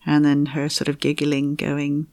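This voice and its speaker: A middle-aged woman, a fertility coach, telling her story candidly in an interview, animated and giggly, acting out her own past thoughts. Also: low voice, measured pace.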